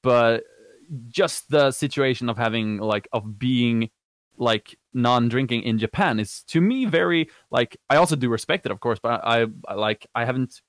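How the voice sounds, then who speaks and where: A young man from Sweden, talking in accented English with a friendly, soft voice. He wanders through his answers with many fillers and self-corrections, and the sound is dry and close. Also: medium pitch, animated, moderate pace, no echo. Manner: rambling with many fillers and restarts. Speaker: guest, Japanese learner. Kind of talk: casual video call chat.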